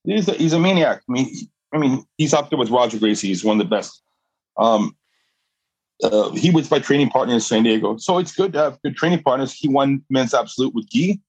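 A man's voice: medium pitch, lively intonation, brisk, slightly rough, dry recording, rough recording. A middle-aged man, a guest on a podcast, telling a story with energy, laughing often and restarting his sentences. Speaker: guest, jiu-jitsu fighter and coach.

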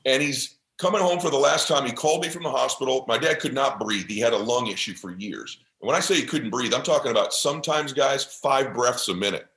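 A man's voice: medium pitch, brisk, hardly any pauses, fairly bright tone. A man guest on a podcast, telling a heartfelt motivational story with intensity and passion. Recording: roomy echo.

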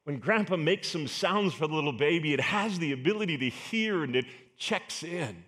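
A man's voice: sits high, a bit bright. A man preaching a sermon as pastor, earnest and emphatic, asking the congregation rhetorical questions.

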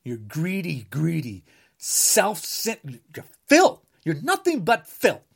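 A man from the United States, a podcaster, delivering an angry political rant, combative and repeating insults, sometimes bursting into shouts. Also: on the high side, wildly swooping pitch, takes it slowly, creaky, breathy edge.

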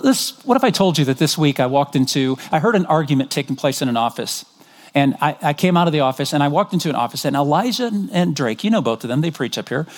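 Middle-aged guy preaching, chatty and storytelling, voice on the higher side. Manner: conversational, storytelling, animated when quoting. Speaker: pastor. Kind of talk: sermon.

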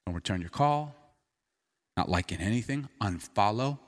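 A man preaching a sermon, telling the story with animation and dropping to quiet intensity. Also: lowish voice, animated, moderate pace.

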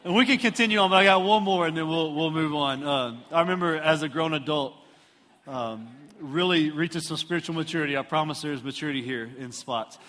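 Middle-aged Houston preacher, a touch high, animated storyteller, long hall echo. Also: male voice, fairly quick. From Houston, Texas. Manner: animated, self-mocking storyteller who acts out voices. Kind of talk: storytelling sermon. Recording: reverberant hall.

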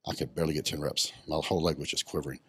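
Deep husky guy, talks fast and rough, cusses a lot, swallows words with ums. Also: steady tone, a bit bright, no echo. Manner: blunt and profane, many ums. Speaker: podcast guest, retired bodybuilder. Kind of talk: casual interview storytelling.

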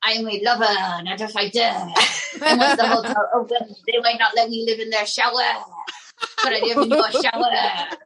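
A man's voice: very high-pitched, steady tone, normal speed, a loud crowd, poor audio. Woman voicing Mortimer, flirty French puppet. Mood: flirtatious. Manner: suave and flirty, fond of French phrases. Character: flirtatious male French puppet, a smooth ladies' man.

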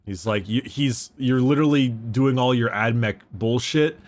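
Relaxed, mid-pitched man summarizing a story. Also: normal speed. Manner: relaxed, summarizes the plot with fillers and quoted asides. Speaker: podcast co-host. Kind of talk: casual book discussion.

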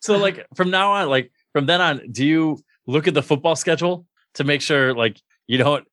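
A man's voice: on the high side, moderate pace, fairly bright tone, no echo. A man hosting a casual interview, asking curious, easygoing questions. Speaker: podcast host.

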